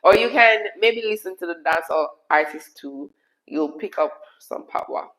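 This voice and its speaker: A Jamaican woman from Jamaica hosting a casual live stream from her kitchen, hoarse from being sick, chatty, laughing often and slipping into patois. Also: lowish voice, animated, moderate pace, fairly bright tone, low-quality recording. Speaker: YouTube host answering live chat.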